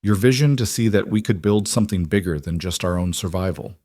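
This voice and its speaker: A man reading the lines of a weathered, loving mountain man in a storybook tale, speaking softly. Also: low-pitched, fairly quick, dry recording, studio quality. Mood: tender. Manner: soft-spoken.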